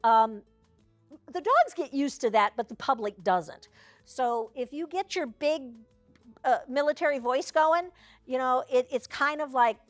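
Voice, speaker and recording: A woman's voice: sits high, animated, unhurried, faint music behind. A woman service dog trainer leading a hands-on class, chatty and down-to-earth with joking asides.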